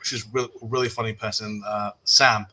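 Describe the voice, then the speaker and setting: A man in casual conversation, telling relaxed anecdotes with lots of fillers and restarts. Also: lowish voice, normal speed, low-quality recording. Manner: relaxed storyteller, fillers and repeated starts. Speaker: podcast guest. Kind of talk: casual chat.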